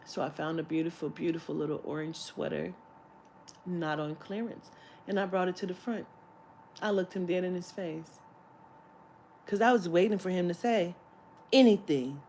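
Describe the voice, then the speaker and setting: A woman vlogger telling a story in an animated, profane, exasperated way, filmed on a phone in a shopping area. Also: lowish voice, normal speed, long pauses, a little hiss or hum. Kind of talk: storytime vlog.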